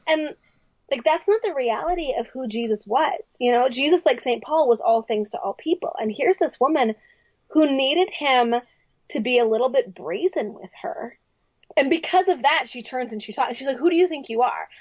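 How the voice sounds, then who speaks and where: A young adult woman speaking as a podcast guest in casual, reflective talk, animated and acting out quoted voices. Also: high-pitched, moderate pace, husky, no room sound. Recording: dry, slightly dull sound.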